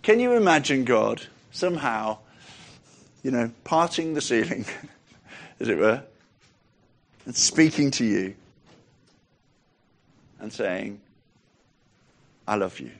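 A man preaching a sermon in a conversational way, dropping softer for quoted lines and lifting his voice when reading scripture aloud. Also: medium pitch, sing-song, slow pace, pauses often.

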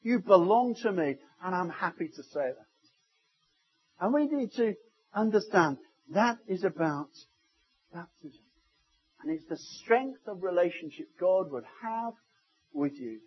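A man preaching a sermon in a church service, telling stories and swinging between loud passages and hushed ones. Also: high-pitched, animated, measured pace, long pauses, breathy edge, muffled recording. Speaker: pastor.

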